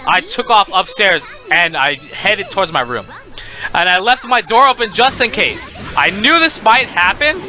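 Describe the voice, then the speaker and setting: A young man telling a casual storytime, animated and profane, with faint music behind him. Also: sits high, normal speed.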